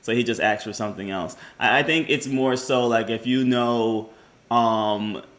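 A man's voice: medium pitch, moderate pace. A man co-hosting a podcast, talking casually, hedging and pushing back in a debate. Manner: relaxed, hedging with fillers, pushes back. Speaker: podcast co-host.

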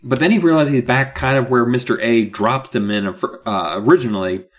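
A man co-hosting a podcast, recapping a book in casual chat with jokey asides and quick character voices. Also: medium pitch. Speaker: podcast co-host.

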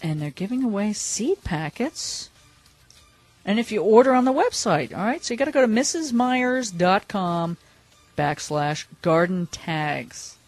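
A woman's voice: mid-range voice, sing-song, a little slow, soft background music. A woman hosting a radio show, chatting casually and laughing easily while reading out product details.

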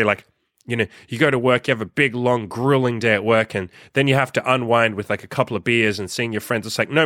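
Scolding listeners in a foul-mouthed, no-nonsense solo rant, a young podcast host and coach speaks with a medium-pitched, fairly bright voice. The recording is dry and studio-clean.

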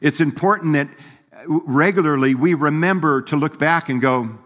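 A man's voice: on the high side, normal speed, a bit bright. A man preaching a sermon as pastor, in a folksy, conversational way, laughing and acting out quoted voices. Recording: long hall reverb.

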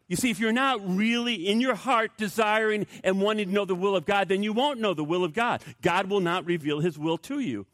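A male pastor delivering a sermon with a fairly high voice, pressing his points by repeating key phrases. He rises to emphatic peaks, then drops to a hushed tone, and the sound is dry and close. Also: fairly quick, few pauses, no echo.

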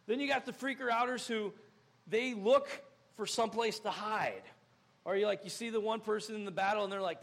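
Young guy pastor preaching, high gravelly voice, acts stuff out, gets loud fast. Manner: animated, acts out scenes with sudden loud outbursts. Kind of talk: sermon. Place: church.

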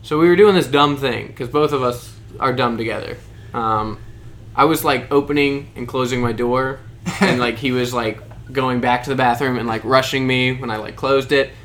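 A young man in casual chat, telling an animated, joking story. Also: medium pitch, moderate pace.

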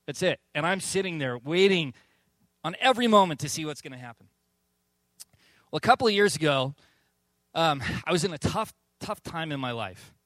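A man preaches to his congregation with a fairly high voice. He tells lively stories and acts out the quotes. The sound is dry and close. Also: moderate pace, pauses often, no echo. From Southern California. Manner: animated storytelling, acts out quotes. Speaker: pastor. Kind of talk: sermon.

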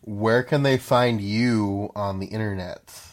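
A man's voice: fairly low pitch, steady tone, takes it slowly. A man hosting a casual podcast chat, joking and swearing freely. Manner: joking, profane, laughing. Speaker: podcast host.

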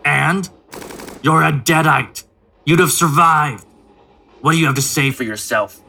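A man's voice: a little high, unhurried, gravelly, sharp tone, full character voice. An actor playing a stern male commander who coldly interrogates and dismisses a soldier in an audio drama. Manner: cold, clipped, interrogating.

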